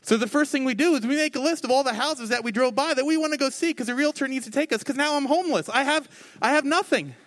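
A man preaching a conversational sermon from the stage, telling his own story candidly with lively, expressive delivery. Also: extremely high pitch, fast. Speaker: pastor. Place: on stage before a congregation.

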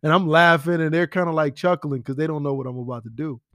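A man telling stories about a late friend in a casual, animated way, with slang and whispered asides. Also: a little high, fast, no echo, clean studio sound. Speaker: friend giving a spoken tribute. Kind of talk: casual storytelling.

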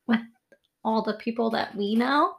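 Young woman co-host, bright and a bit high, loose filler-heavy chat. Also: unhurried, vocal fry. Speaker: podcast co-host. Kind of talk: casual chat.

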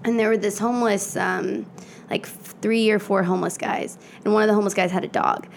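A young woman, an actor guest, telling stories in casual chat, lively and laughing often. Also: medium pitch, brisk, creaky, slight background noise. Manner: animated, laughs often, acts out voices.

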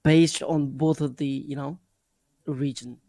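A man's voice: on the high side, steady tone, slow, dark tone, no room sound. A man from India, in casual chat, emphatic and repeating himself, swearing casually.

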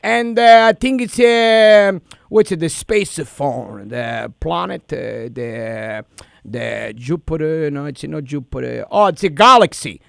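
A man's voice: fairly high pitch, takes it slowly, gravelly, no echo, clean studio sound. Man with a put-on thick Italian accent. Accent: put-on heavy Italian accent. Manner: broken English, rambling, mixes up words. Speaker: radio host doing a prank call. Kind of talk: prank call in a put-on Italian immigrant voice.

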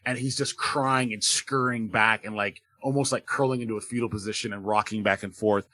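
A man's voice: lowish voice, fairly even intonation, brisk, sharp tone, no room sound. A man running a tabletop role-playing game as game master, narrating casually with lots of fillers. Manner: casual, descriptive, filler-heavy.

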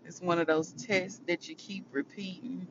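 A male vlogger with a high voice and little pitch movement talks at normal speed, emotional after a hard day. His casual spiritual talk to viewers is preachy and affectionate, calling them baby and honey. The audio is muffled, with loud vehicle noise.

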